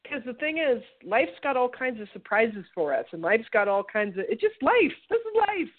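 A woman's voice: a little high, sing-song, moderate pace. A woman co-hosting a talk show, musing in casual chat and asking herself rhetorical questions. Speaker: co-host. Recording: tinny phone-line audio.

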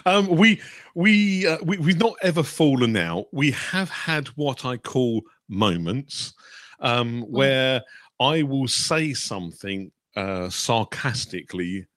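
British man, lowish voice, dry close sound, halting storytelling, many ums and restarts. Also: fairly bright tone, no echo. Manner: hesitant, with many fillers and restarts. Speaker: medium, guest. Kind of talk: storytelling in a chat show.

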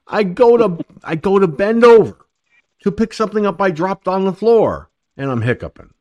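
His voice is high and sing-song, at a moderate pace. He's an older man running an online talk radio show, a casual call-in chat where he jokes and rambles crudely about everyday problems.

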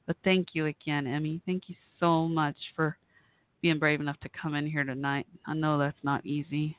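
A man's voice: on the high side, flat delivery, moderate pace. A man hosting an online radio show, chatting with listeners in a gushing, rambling, emotional way. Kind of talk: casual chat with listeners. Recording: dry, tinny phone-like sound.

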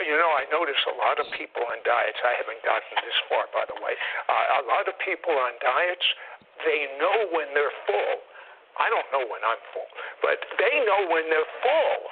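A man's voice: a little high, expressive, moderate pace. A man interviewing a guest in casual chat, asking follow-up questions with joking asides. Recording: tinny phone-like line with faint hiss.

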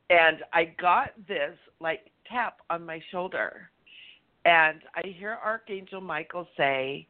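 A woman co-hosting a radio talk show, telling a story in a chatty, animated way and laughing often. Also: lowish voice, slow, pauses often. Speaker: radio show co-host, energy healer. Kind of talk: casual storytelling chat. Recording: phone-line call-in audio.

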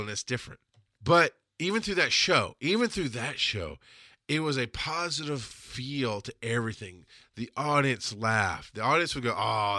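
A middle-aged man hosting a podcast in a bright, forceful voice, recorded close and dry with no room sound. He talks bluntly and profanely, rambling through restarts and chuckling at his own jokes. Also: medium pitch, dry recording. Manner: animated, laughs at own jokes. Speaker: podcast host. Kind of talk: casual podcast monologue.

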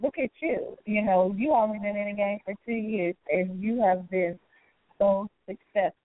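A woman's voice: medium pitch, normal speed. A woman hosting a talk show, upbeat and encouraging, laughing often as she interviews a guest. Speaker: radio show host. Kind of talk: casual interview. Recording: tinny phone line.

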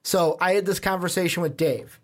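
A man's voice: high voice, fairly even intonation, a little fast. A young man with a Chicago accent, co-hosting a podcast in a rambling, casual chat. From Chicago, USA. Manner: rambling, chatty, swears casually. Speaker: podcast co-host.

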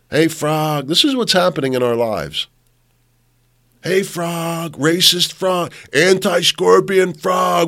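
A man's voice: fairly high pitch, gravelly, fairly bright tone, pitched above the performer's own voice. A man voicing a manipulative scorpion in a mocking, needling sing-song. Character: wheedling manipulative scorpion, male, pushy.

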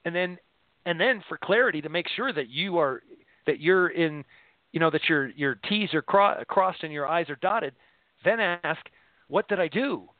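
A man's voice: fairly high pitch, animated, moderate pace, no echo. A man hosting a casual faith discussion, talking earnestly and rambling, often repeating words as he thinks. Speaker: show host discussing scripture. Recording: tinny phone-line sound.

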